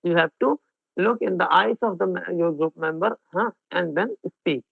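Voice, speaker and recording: High-voiced Indian English teacher, phone-thin. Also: male voice, moderate pace, vocal fry, husky, dry recording. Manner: mixes Hindi and English, checks in with students. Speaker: exam coaching teacher. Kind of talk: online class lecture. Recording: phone-like narrow band, dry.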